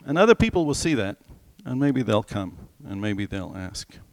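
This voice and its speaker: A man preaching a sermon in a conversational, animated way, asking the listeners questions and slowing down for scripture. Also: on the low side, no echo. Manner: slows right down when quoting scripture.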